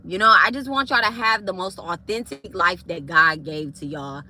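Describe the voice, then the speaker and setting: A woman's voice: fairly low pitch, normal speed, sharp tone, slight background noise. A woman spiritualist ranting to her viewers on a livestream, heated, confrontational and profane. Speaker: spiritualist live streamer.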